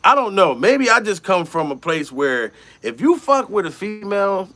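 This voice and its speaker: High-voiced profane male comedian storyteller. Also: normal speed. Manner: profane, animated, acts out quotes in raised voices. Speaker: comedian, channel host.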